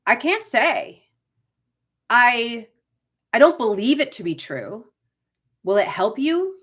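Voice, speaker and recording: A woman's voice: on the high side, big pitch swings, slow pace, pauses often, fairly bright tone, slightly rough. A middle-aged woman with a Boston accent, hosting a live coaching chat for actors, talking casually and often tagging her points with a questioning "right?". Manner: chatty, frequent "right?" tag questions, reads viewer comments aloud. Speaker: acting career coach.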